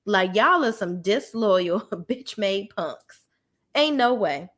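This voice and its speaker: A woman's voice: mid-range voice, slow. A woman talks through a reality TV episode in a casual, unfiltered vlog. Her voice sits in a middle register, and she is blunt and profane. She jumps into the cast's lines herself. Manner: blunt, profane, animated, acts out quoted lines. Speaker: reality TV reviewer.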